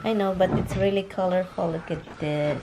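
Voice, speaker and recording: A Filipino-accented woman vlogging casually at home, chatty and quick to laugh, with non-native grammar. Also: lowish voice, fairly even intonation, highs cut off, very noisy. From Philippines. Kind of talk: casual home vlog chat.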